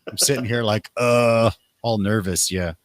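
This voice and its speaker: Animated man telling stories in a dry room. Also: lowish voice, measured pace, no room sound. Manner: animated, acts out quotes in raised voices. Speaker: podcast host. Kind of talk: casual conversational storytelling.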